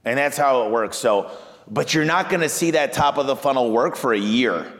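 Male business owner, energetic storyteller, medium pitch, reverberant room. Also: moderate pace. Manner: energetic storyteller, acts out quoted clients in a higher voice. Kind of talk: animated business talk.

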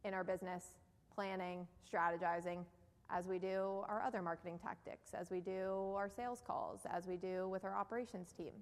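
A woman with a New Jersey accent giving an earnest, persuasive business presentation to a live audience, often putting questions to the room. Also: medium pitch. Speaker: keynote speaker. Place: event hall before a live audience. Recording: long hall reverb.

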